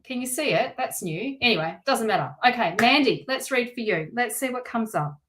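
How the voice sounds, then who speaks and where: A woman's voice: fairly high pitch, animated, moderate pace, a little hiss or hum. A woman doing a live-streamed tarot reading, chatty and encouraging, thinking aloud and correcting herself as she goes. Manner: warm and encouraging toward viewers. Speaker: tarot reader.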